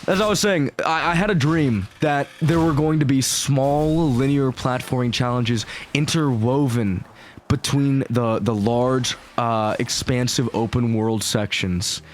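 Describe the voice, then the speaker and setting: A man giving casual, excitable gameplay commentary, rambling and swearing freely as he plays. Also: mid-range voice, unhurried, a little hiss or hum. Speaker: gaming YouTuber.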